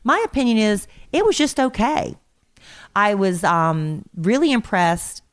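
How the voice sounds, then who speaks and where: A woman co-hosting a podcast with her husband, telling their story in a relaxed, chatty way. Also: mid-range voice, measured pace. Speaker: podcast co-host. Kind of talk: casual chat.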